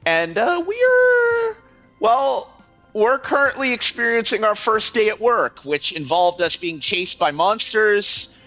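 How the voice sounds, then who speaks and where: A chatty host rambles through his gameplay commentary, poking fun at himself, with a lively, bright voice. The recording sounds a bit dull, with faint music running behind it. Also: fairly high pitch. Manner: chatty, rambling, self-deprecating. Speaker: let's play host. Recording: slightly muffled, music faint.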